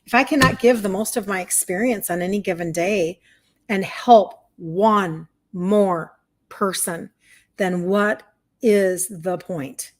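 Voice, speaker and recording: Fifties woman doing a live stream, chatty and heartfelt, middle-pitched voice, talks to her viewers like friends. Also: slow. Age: 50s. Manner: heartfelt, chatty, reads viewer comments aloud. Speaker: health and wellness coach. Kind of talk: livestream chat with viewers.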